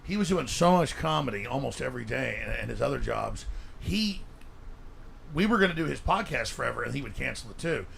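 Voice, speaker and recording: A man's voice: medium pitch, animated, a little fast, vocal fry, a bit bright, slight background noise. A man, a guest in a casual chat, telling boisterous stories and cutting in. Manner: boisterous, interjecting storyteller.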